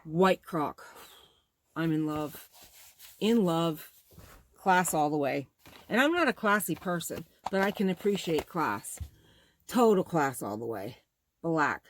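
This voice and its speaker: A woman's voice: low voice, big pitch swings, takes it slowly, long pauses, slight background noise. A middle-aged woman hosting a bag-making vlog, chatting in a rambling, gushing, exclamatory way as she shows off her materials. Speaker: bag-making channel host. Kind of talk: casual show-and-tell vlog.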